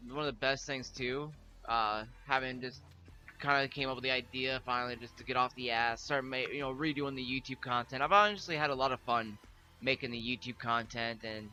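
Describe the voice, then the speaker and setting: A man's voice: mid-range voice, brisk, pushed and bright. A young man chatting casually with his viewers as a streamer, rambling with lots of filler words and frequent laughs. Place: home room.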